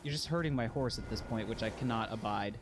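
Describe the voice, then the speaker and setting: A man's voice: lowish voice, quick pace, noisy background. A man casually chatting while streaming a video game, rambling and joking at his own expense. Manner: rambling, self-deprecating, jokey. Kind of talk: casual gameplay chat.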